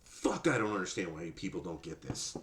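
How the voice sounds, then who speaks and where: Male podcast host, sarcastic profane rant, animated voice, roomy echo. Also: low-pitched, a little fast. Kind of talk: ranting commentary.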